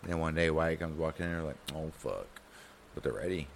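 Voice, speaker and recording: A man's voice: a bass voice, steady tone, quick pace, creaky, slight background noise. A man co-hosting a history podcast, rambling and swearing as he acts out imagined scenes. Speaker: podcast co-host. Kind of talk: casual history podcast banter.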